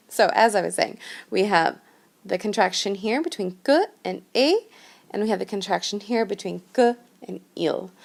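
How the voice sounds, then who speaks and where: A woman's voice: medium pitch, vocal fry, darkish tone. A woman teaching a French lesson in a patient, step-by-step way, often checking in with "okay?". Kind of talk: recorded classroom lesson narration. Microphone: screen-recording voice-over.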